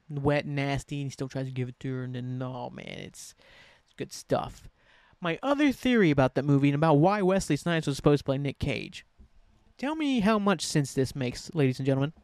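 A man's voice: fairly high pitch, smooth, no room sound. A man hosting a solo podcast in casual chat, rambling with enthusiasm and correcting himself as he goes. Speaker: podcast host.

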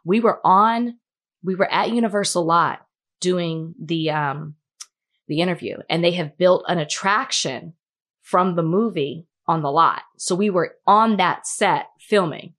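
A woman's voice: lowish voice, unhurried, fairly bright tone. A woman co-hosting a podcast in casual chat, talking in a chatty way with many fillers. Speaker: podcast co-host and entertainment interviewer.

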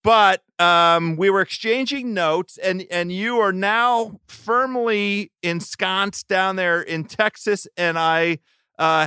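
A man hosting a podcast, chatting casually with an animated manner and repeated stumbles. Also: sits high, clean tone, dry recording. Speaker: podcast host.

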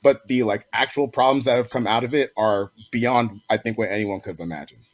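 A man's voice: medium pitch, steady tone, fairly quick. A man giving his take on a sports podcast, hesitant with many fillers and repeated words. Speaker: podcast guest. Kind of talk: casual sports chat.

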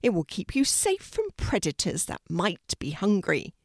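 A woman voicing a friendly, protective male white rabbit in a storybook reading, in a high, bright, excited voice. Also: a little slow, no echo, clean studio sound, full character voice. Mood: lively.

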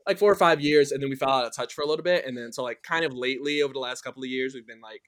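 A man's voice: medium pitch, rapid-fire, fairly bright tone, dry recording, studio quality. A man guesting on a podcast in casual chat, rambling and hesitant with many restarts.

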